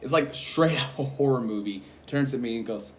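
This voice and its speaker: A man's voice: mid-range voice, fairly quick, slight background noise. Rambling young man telling a story. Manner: rambling, animated, laughing between lines. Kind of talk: casual storytelling vlog.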